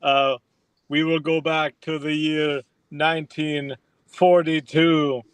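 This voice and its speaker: A man playing a bumbling, flustered cop, halting and full of hesitations, over a video call. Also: fairly high pitch, level tone, clean tone, dry recording.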